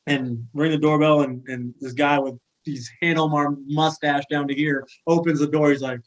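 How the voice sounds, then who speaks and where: A man's voice: a little high, normal speed, lo-fi sound. A man in his thirties from California, a firefighter telling a casual story on a podcast with lots of fillers and restarts. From Sacramento, California. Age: 30s. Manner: animated anecdote-telling with many fillers and restarts. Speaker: guest, firefighter.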